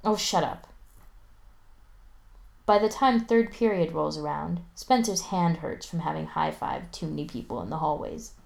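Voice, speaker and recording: A woman narrating a novel aloud, lively, raising her voice for the teenage characters. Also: moderate pace, vocal fry, hardly any pauses. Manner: lively, voices teen boys with raised pitch. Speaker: audiobook narrator.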